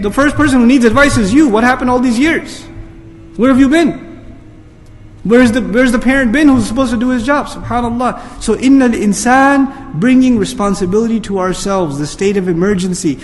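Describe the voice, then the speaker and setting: A man's voice: extremely high pitch, normal speed, big-room sound. A man giving an earnest sermon, asking the audience pointed rhetorical questions and pressing home his points. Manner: earnest, rhetorical questions, rising to emphatic peaks. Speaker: Islamic speaker.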